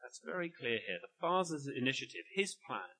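A man's voice: medium pitch, big pitch swings, normal speed, pushed and bright, low-quality recording. A man preaching an earnest, emphatic sermon at a church service.

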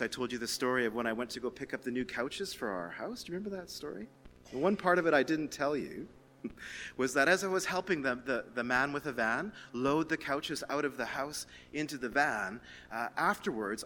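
A man preaching a sermon to his church in a conversational, animated way, reading scripture aloud and telling stories on himself. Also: mid-range voice, moderate pace, a little hiss or hum. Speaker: pastor. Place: church hall. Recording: reverberant church hall.

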